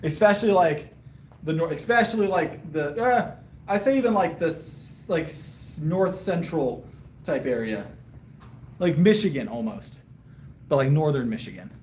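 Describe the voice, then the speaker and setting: A man's voice: on the high side, expressive, unhurried, darkish tone, echoey room, a little hiss or hum. A man, chatting casually with viewers on a live stream between lifting sets and answering their questions. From Southern US. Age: 30s. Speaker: powerlifting livestreamer.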